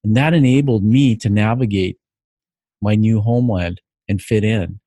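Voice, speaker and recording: Earnest low-voiced Canadian man. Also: normal speed, mellow, no echo, clean studio sound. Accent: Canadian English. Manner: earnest, reflective, with light laughs. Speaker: podcast host. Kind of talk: personal narrative monologue.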